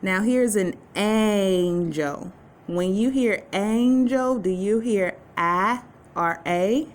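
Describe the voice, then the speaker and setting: A female teacher gives a recorded lesson to young children in a medium-pitched voice at a slow pace. She speaks clearly and patiently, drawing out the letter sounds.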